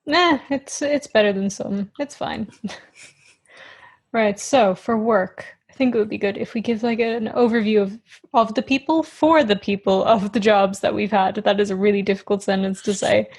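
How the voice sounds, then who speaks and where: A woman's voice: medium pitch, normal speed, a little mellow, husky. A young woman co-hosting a podcast, easygoing with dry humour and steering the casual chat. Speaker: podcast co-host.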